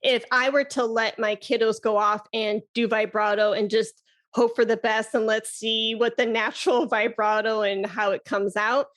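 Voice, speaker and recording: Casting note: a woman flute teacher as a chatty podcast guest, a bit higher-pitched, quick to laugh. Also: fairly even intonation, fairly bright tone. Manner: enthusiastic, chatty, laughs often. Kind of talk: casual podcast conversation.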